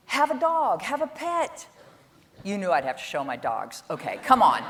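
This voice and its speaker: A middle-aged woman giving a keynote talk on stage, telling stories in an animated, exasperated way, often rising in pitch and volume when making a point. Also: normal speed. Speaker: keynote speaker. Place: conference stage.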